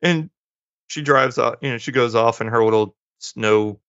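A man's voice: medium pitch, steady tone, normal speed, a bit bright, clear, resonant tone, no room sound. A man co-hosting a podcast, casually retelling a movie plot and acting out the characters' lines in passing. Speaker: podcast co-host. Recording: dull lo-fi dry sound.

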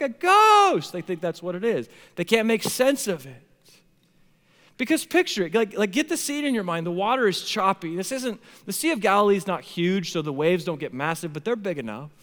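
A man preaching a sermon as pastor, telling stories with big swings between loud excitement and hushed, quiet moments. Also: fairly high pitch. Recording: long hall reverb.

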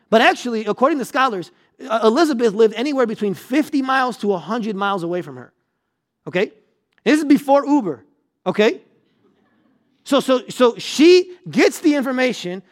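High-voiced pastor preaching conversationally. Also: male voice. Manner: conversational, checks in with listeners; repeats words when building a point. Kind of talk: sermon.

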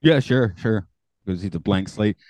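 Laid-back low-voiced podcast host, dry mic. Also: male voice, animated, a little slow, a little mellow, dry recording. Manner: chatty, laughs often. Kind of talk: casual chat.

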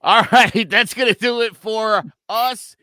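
A man co-hosting a casual sports podcast, animated and jokey. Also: sits high, takes it slowly, clean tone, no room sound, studio quality. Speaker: podcast co-host.

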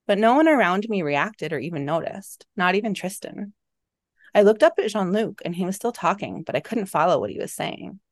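Expressive woman reading her novel. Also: mid-range voice, brisk, no room sound, studio quality. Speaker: author and guest.

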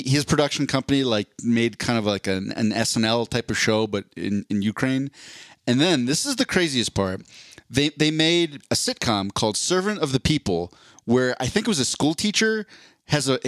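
In a dry, clean studio recording, a man with a mid-range voice co-hosts a casual podcast chat. He explains things at length, rambling and restarting as he goes.

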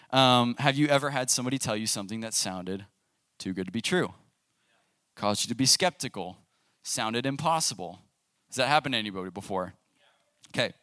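Bright-voiced, casual young preacher, dry sound. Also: male voice, mid-range voice, no room sound. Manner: casual, asks the audience questions. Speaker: youth pastor. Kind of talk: conversational sermon. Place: church youth service room.

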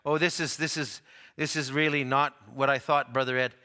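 A man preaching a sermon, telling stories with rising excitement and dropping to soft, low tones for tender moments. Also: moderate pace, clear, resonant tone. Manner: animated storytelling, voice climbing high at dramatic moments.

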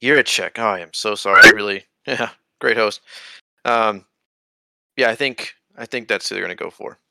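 A man's voice: fairly low pitch, normal speed, gravelly, bright, forceful tone. A man co-hosting a casual sports podcast, talking in a hesitant, self-deprecating way. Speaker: podcast co-host. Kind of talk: casual hockey podcast chat.

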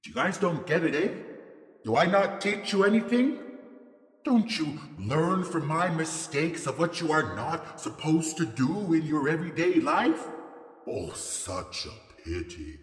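A man's voice: fairly high pitch, sing-song, a little slow, roomy sound, long reverb tail. An actor playing a mocking, boastful male trickster spirit who laughs at his own jokes. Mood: teasing.

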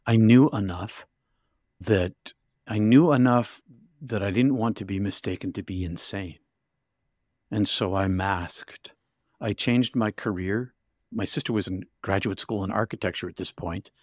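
Older guy, lowish voice, dry close mic, telling a story with lots of restarts. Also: darkish tone, no room sound. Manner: vivid, halting retelling with restarts. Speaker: interview guest. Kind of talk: emotional storytelling.

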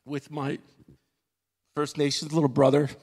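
A man's voice: on the high side, monotone, darkish tone, husky. Earnest man speaking in an echoing hall. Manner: earnest, halting, with many fillers and restarts. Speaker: church member giving testimony. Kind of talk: emotional spoken testimony. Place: church stage. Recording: long reverb of a large hall.

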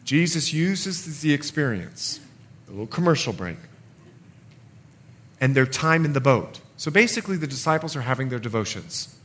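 A middle-aged man preaching a sermon in an animated way, swinging between loud passages and hushed ones and acting out the voices in the scripture. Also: mid-range voice, normal speed.

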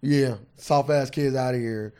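A man co-hosting a casual podcast, ranting and swearing freely, his voice jumping up high and loud when he gets heated. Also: steady tone, a little slow, clear, resonant tone. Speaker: podcast co-host.

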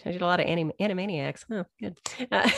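A woman's voice: on the low side, wildly swooping pitch, a little fast, vocal fry, no room sound, clean studio sound. A woman guesting on a podcast, chatting casually about a movie and laughing between thoughts.

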